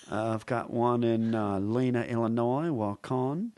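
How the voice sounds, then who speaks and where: A man's voice: medium pitch, slow, warm tone, no echo, studio quality. Joking man in casual chat. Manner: joking, playful, slips into impressions. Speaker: comedian guest.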